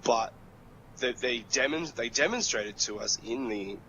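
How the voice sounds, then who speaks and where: A man's voice: mid-range voice, a little slow, a bit bright, a little hiss or hum. A man co-hosting a gaming podcast, explaining in a wry, matter-of-fact way. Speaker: podcast co-host. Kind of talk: casual gaming podcast chat. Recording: dull lo-fi mic.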